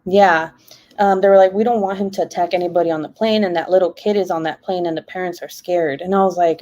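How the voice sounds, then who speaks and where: In a fairly low, dark, steady voice, a young woman live streams a little fast while telling a long, rambling story and reading the comments. She is chatty and uses "like" heavily.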